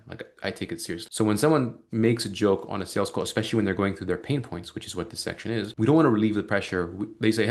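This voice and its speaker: A man with a fairly low voice teaches a sales team on a video call. He talks quickly and briskly. He keeps slipping into the lines of both client and closer. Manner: brisk, acts out both sides of sales calls. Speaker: sales coach. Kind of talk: live sales training call.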